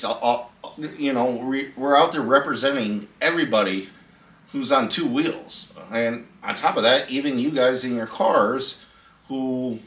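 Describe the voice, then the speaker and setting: Middle-aged man, easygoing vlog host, mid pitch, recorded on a camera mic at some distance. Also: fairly bright tone. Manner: laid-back, chatty, laughs at his own story. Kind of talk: casual storytelling vlog. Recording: echoey room, voice a bit off-mic.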